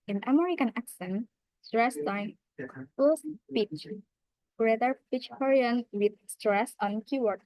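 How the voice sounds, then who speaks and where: A woman student reads word examples for a class presentation at a slow, hesitant pace. Her voice sits fairly high. The sound is dry and close. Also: darkish tone, dry recording, poor audio.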